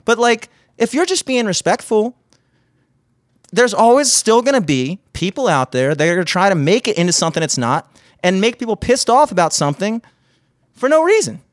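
A man's voice: high voice, moderate pace, dry recording, studio quality. A man co-hosting a podcast, cursing a lot and telling jokes in crude casual banter. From Greek and Italian heritage. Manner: profane, animated joke-telling. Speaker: podcast co-host. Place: remote podcast recording.

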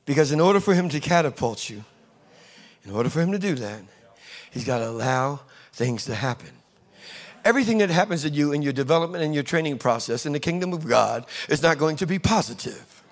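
A man preaching a sermon, telling a lively story and acting out the people in it. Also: a little high, a little fast. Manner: storytelling, acting out scenes with voices. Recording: long reverb of a large hall with audience.

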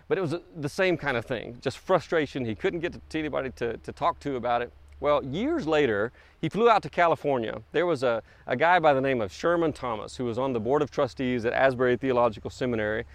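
A middle-aged man preaching a sermon and telling a story, halting often and restarting his phrases. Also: mid-range voice, expressive, dry recording. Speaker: pastor.

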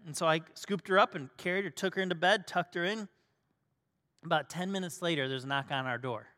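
A middle-aged male pastor preaching a sermon, telling a family story and swinging from loud emphasis to soft, hushed tones. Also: fairly high pitch, a little fast. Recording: long hall reverb.

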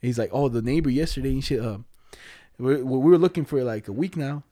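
Fast-talking young man telling stories. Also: mid-range voice, warm tone, no echo, studio quality. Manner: fast, profane storytelling, mimics people he quotes. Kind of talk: casual chat.

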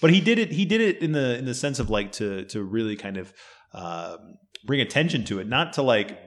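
A man's voice: medium pitch, very animated, brisk. A young man co-hosting a podcast, ranting indignantly and profanely, with lots of "like" and "you know". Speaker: podcast co-host. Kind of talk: casual podcast chat.

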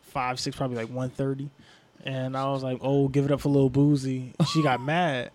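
A man's voice: medium pitch, moderate pace, a little hiss or hum. A young man, a comedian, telling a story in casual podcast chat and acting out the people in it. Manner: animated storyteller, acts out quoted people.

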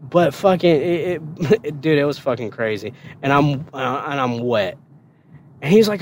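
A man's voice: animated, measured pace. A man on a podcast telling a story from his past, swearing freely, laughing often, and acting out the other people's lines. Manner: laughing, swearing, acts out quotes in a higher voice. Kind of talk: casual storytelling.

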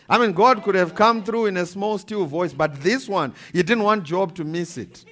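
A pastor preaching a sermon, animated and emphatic, repeating scripture references and laughing between points. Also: male voice, high-pitched, normal speed.

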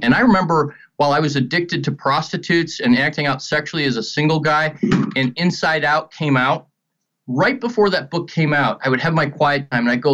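Middle-aged man, earnest faith teacher, lively storyteller, somewhat high voice, muffled lo-fi audio. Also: fairly quick. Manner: animated storytelling with acted-out quotes. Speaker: ministry guest speaker. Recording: dull lo-fi sound.

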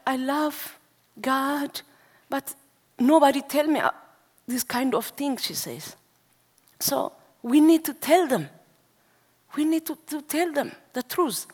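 A woman from Africa preaching a sermon to young people in a meeting hall, speaking non-native English with urgent exhortation. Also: sits high. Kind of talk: sermon testimony.

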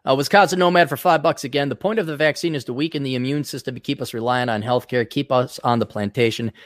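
A man co-hosting a podcast, reading viewer questions aloud and answering in a halting, casual way. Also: medium pitch, dry recording, studio quality. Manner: halting, restarts often, laughs easily. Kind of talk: casual chat.

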